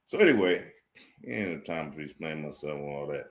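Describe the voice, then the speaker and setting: A man preaching to his online viewers, forcefully repeating phrases, quoting scripture and checking "you understand?". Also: very deep voice, expressive, a little fast. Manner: addresses viewers directly, asks "you understand?". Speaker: street preacher teaching a class. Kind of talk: livestream sermon.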